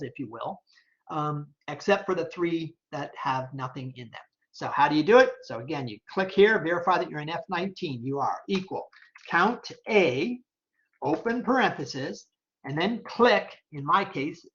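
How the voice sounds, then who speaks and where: A college instructor giving a recorded software tutorial, walking through each step out loud and often stopping to check and correct themselves. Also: mid-range voice, muffled recording.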